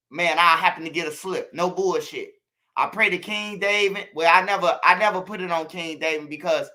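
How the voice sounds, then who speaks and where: High, bright-voiced Chicago man preaching. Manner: street slang, repetitive, preachy. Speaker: channel host. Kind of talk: casual monologue to viewers.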